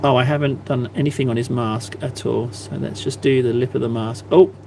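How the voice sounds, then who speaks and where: A man's voice: mid-range voice, steady tone, a little fast, creaky, darkish tone, slight background noise. A man chatting casually on a live stream, self-mocking and rambling as he paints. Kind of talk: casual livestream chat while painting.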